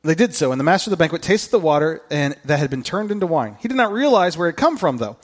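A man preaching a sermon, telling the story in an animated way, with jokey asides and acted-out quotes. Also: fairly high pitch, quick pace. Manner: acts out the quoted lines. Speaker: pastor.

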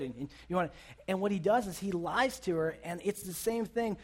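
A man's voice: sits high, moderate pace, darkish tone. A man giving a casual sermon as a youth pastor, talking conversationally and asking his listeners questions. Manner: conversational, asks the audience questions.

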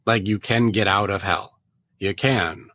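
A man's voice: on the low side, steady tone, a little slow, fairly bright tone, no room sound. A man hosting a podcast interview, talking emphatically and hammering his point home by repeating phrases. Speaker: podcast host.

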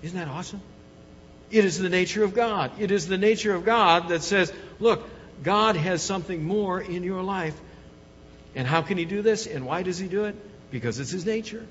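A man's voice: sits high, moderate pace, a bit bright, a little hiss or hum. A man preaching a sermon as a pastor, emphatic and repetitive in his cadence. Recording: dull, long hall reverb.

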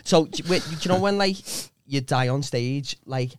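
A man's voice: mid-range voice, moderate pace, over a noisy crowd. A man asking fumbling questions on a podcast. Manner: fumbles his words, asks guests questions. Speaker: podcast co-host. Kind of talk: casual chat, asking questions.

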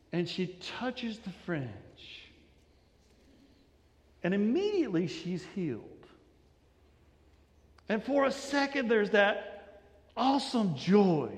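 A man preaching a sermon, telling the story dramatically, acting out voices and dropping to a hush. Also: sits high. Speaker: pastor. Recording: long hall reverb.

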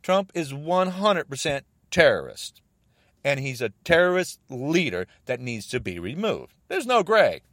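An American man delivering an agitated political rant, repeating himself and swinging between raised outbursts and low muttering. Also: big pitch swings, a little slow, a bit bright, dry recording, clean studio sound. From United States.

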